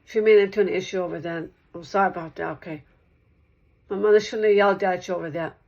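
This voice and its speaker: A woman's voice: lowish voice, fairly even intonation, fast talker, a little mellow, lo-fi sound. A woman talking straight to one listener in a rambling monologue, repeating herself and circling back over the same points.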